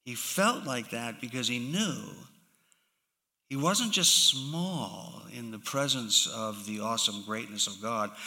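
A man preaching a sermon, slow and emphatic, with sudden drops to hushed tones. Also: fairly low pitch. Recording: long hall reverb.

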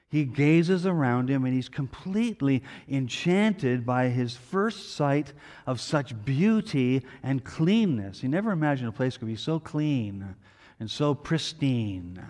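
A man preaching a sermon, telling a story with emphatic peaks and hushed low appeals. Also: big-room sound. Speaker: pastor.

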